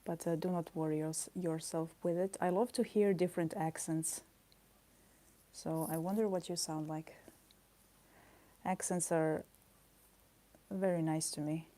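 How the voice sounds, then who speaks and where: Soft-spoken woman rambling while drawing. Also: deep voice, fairly even intonation. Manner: soft, rambling, thinking aloud with pauses and fillers. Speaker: artist streaming her drawing. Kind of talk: casual live-stream chat while drawing. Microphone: camera mic.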